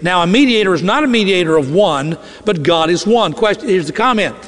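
A middle-aged male pastor preaching a sermon, earnest, slowing and dropping his voice low on key phrases. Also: lively intonation, a bit bright, long reverb tail.

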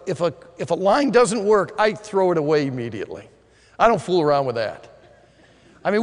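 Male pastor preaching, lively swinging delivery, drops quiet for emphasis. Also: sits high, big-room sound. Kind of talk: sermon.

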